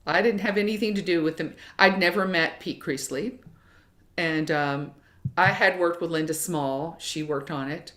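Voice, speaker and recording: Woman from kentucky, low voice, chatty, restarts often, casual guest chat. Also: moderate pace, a bit bright. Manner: chatty storyteller with many restarts. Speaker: guest, jazz vocalist.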